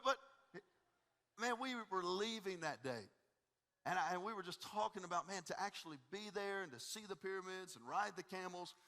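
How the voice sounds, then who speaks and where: Lively high-voiced pastor. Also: male voice, big-room sound. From Tennessee. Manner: energetic, joking, folksy. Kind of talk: sermon with humorous storytelling. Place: church stage before a congregation.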